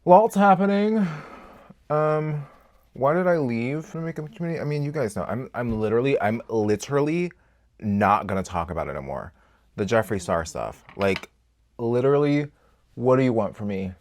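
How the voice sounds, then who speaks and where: A man chatting candidly to camera as a beauty vlogger while doing his makeup, swearing freely and swinging between loud outbursts and quiet asides. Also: mid-range voice, expressive, moderate pace. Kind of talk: casual get-ready-with-me chat.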